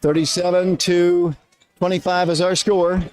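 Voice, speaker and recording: A high-pitched man calls a basketball game play by play for radio. He talks fast and sounds a little out of breath, climbing higher when shots go up. His voice stays quick and busy through the action. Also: no echo. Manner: rapid, rising excitement on big plays.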